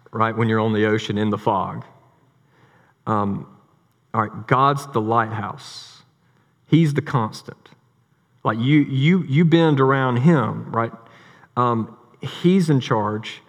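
A man preaching a sermon as a pastor, talking in a conversational way and telling stories with lively, repeated words. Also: mid-range voice. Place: church sanctuary. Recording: long hall reverb.

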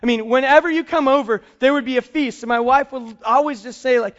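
Man, pastor, sermon, high voice, animated storytelling, somewhat muffled sound. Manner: storytelling, animated, slows for emphasis.

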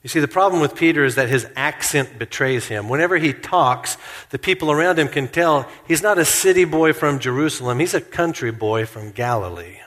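A man preaching a sermon in a church, earnest and slowing down to stress key points. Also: fairly high pitch, expressive, a bit bright, in a large hall. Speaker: pastor.

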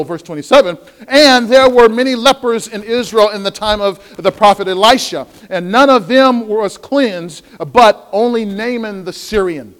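A man's voice: high-pitched, normal speed, few pauses, a bit bright. A man preaching a sermon as pastor, acting out quotes and repeating phrases for emphasis. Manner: preaching with dramatic voiced quotes and repetitions.

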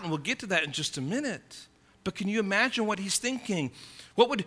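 A man delivers a dramatic sermon, posing questions to his listeners and swinging between loud cries and hushed, low passages.

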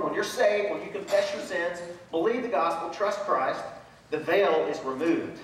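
High-voiced preacher in an echoey hall. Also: male voice, moderate pace, slight background noise. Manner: animated preaching, acts out voices of Bible figures. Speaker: pastor. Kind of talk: sermon. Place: large church sanctuary. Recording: echoey church hall from far off.

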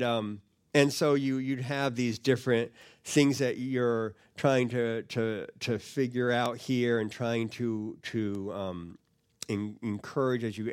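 A man's voice: medium pitch, darkish tone, clear, resonant tone. Conversational man teaching a sermon. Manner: conversational, repeats words, asks the audience questions. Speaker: pastor teaching preachers.

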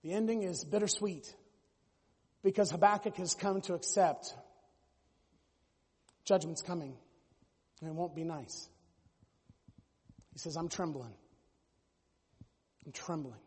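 A man preaching a sermon as pastor, animated and at times mimicking other voices. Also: high-pitched, a little slow, long pauses, husky, long reverb tail.

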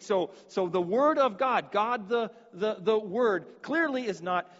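A man's voice: high voice, animated, measured pace, few pauses, a bit bright, big-room sound, dull audio. A man preaching a sermon, earnest and given to repeating words as he restarts his sentences.

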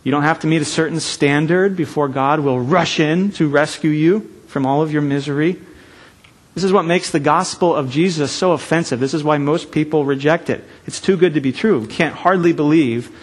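Earnest preacher man, somewhat high voice. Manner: earnest, emphatic, with slow stressed phrases. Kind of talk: sermon.

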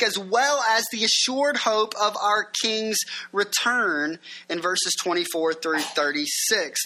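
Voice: mid-range voice, pushed and bright. A pastor preaching a sermon in a conversational way, asking the listeners questions and reading passages aloud.

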